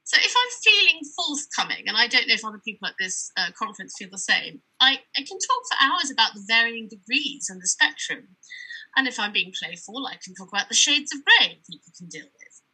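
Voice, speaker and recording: A woman's voice: a little high, very animated, brisk, sharp tone, slightly rough, poor audio. A woman giving a chatty, digressive conference talk as an author, reading from her book between asides.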